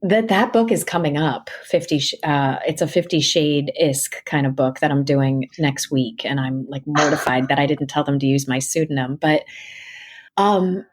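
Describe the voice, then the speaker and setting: A woman audiobook narrator chatting as a podcast guest, telling animated stories, laughing often and acting out her own asides. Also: low voice, normal speed, a little hiss or hum. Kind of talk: casual interview chat.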